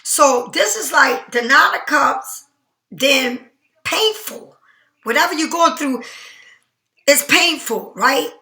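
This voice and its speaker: A woman's voice: high voice, lively intonation, takes it slowly, pauses often, pushed and bright, echoey room. A woman giving a casual tarot reading, emphatic and chatty, often checking in with "right?". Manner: chatty, emphatic, keeps asking "right?" and "all right?". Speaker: tarot card reader.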